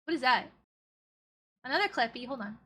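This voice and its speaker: A woman's voice: high voice, expressive, brisk, sharp tone. A young woman streamer chatting casually as she reacts to old clips, giggling often and using playful baby talk.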